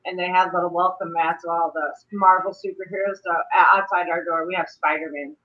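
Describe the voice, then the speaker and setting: A middle-aged woman hosting a casual live stream, chatty and quick to laugh. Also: fairly low pitch. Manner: laughs often, chatty and animated. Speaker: livestream host. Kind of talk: casual chat. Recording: dull lo-fi stream audio.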